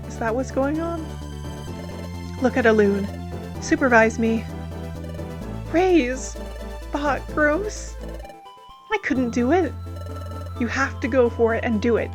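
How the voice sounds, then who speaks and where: A woman hosting a let's play, reading garbled game text aloud and joking about it. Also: a little high. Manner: playful, joking, reads garbled lines deadpan.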